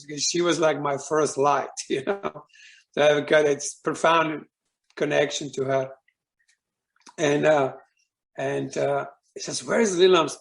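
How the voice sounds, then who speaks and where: Guest speaker, male, gravelly, rambling personal story talk. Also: a little high. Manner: rambling, with many fillers and restarts.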